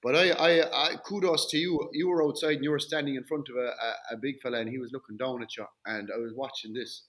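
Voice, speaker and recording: A middle-aged man hosts a podcast and tells lively anecdotes in casual chat, acting out the lines he quotes. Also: medium pitch, quick pace. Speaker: podcast host, former player.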